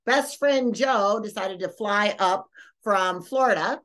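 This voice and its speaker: Rambling animated woman host. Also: mid-range voice, slow. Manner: rambling, animated, lots of fillers and restarts. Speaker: podcast host. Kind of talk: casual storytelling.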